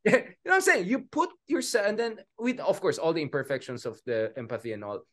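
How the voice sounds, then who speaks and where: A man's voice: a little high, fast. A man with a Filipino accent in casual political discussion, switching between Filipino and English and calling his co-host "bro". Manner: animated, mixes Filipino and English, says "bro".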